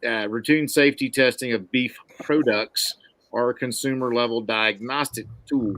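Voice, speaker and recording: A man from Mississippi with a Southern accent, hosting a podcast in casual, folksy, excitable chat. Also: medium pitch, no echo. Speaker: podcast host.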